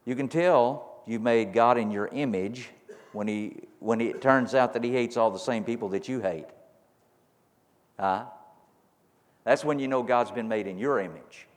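In a church sanctuary, a pastor preaches a sermon to his congregation in an unhurried, mid-range voice. He fires off repeated rhetorical questions that build to emphatic peaks, and the large hall gives the recording a long reverb.

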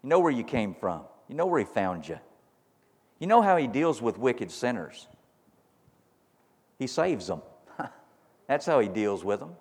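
A man's voice: medium pitch, sing-song, moderate pace, pauses often, slightly rough. A man preaching a sermon as pastor to his congregation, firing repeated rhetorical questions that build to emphatic peaks. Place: church sanctuary. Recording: long reverb of a large hall.

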